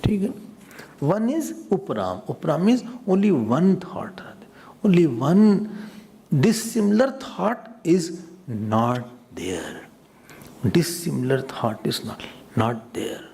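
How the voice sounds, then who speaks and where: A man's voice: fairly high pitch, big pitch swings, takes it slowly, vocal fry, warm tone. A man teaching a scripture class as a swami, explaining patiently and repeating words as he goes. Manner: repeats words, mixes in Hindi asides; explanatory, addresses listeners directly.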